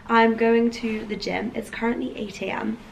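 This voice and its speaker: A young woman chatting to camera in a casual vlog, croaky with morning voice and rambling with ums and likes. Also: fairly high pitch, flat delivery, moderate pace, slight background noise, rough recording. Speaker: vlogger.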